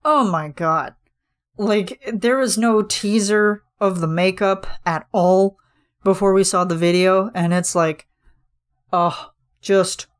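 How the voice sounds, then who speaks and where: A woman hosting a podcast, chatting casually and gushing enthusiastically about a music video, with many fillers. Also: fairly low pitch. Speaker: podcast host.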